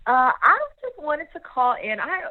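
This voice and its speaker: A woman's voice: high-pitched, sing-song, measured pace. Hesitant woman caller on a phone line. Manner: hesitant, many ums and restarts. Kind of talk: phone call to a show.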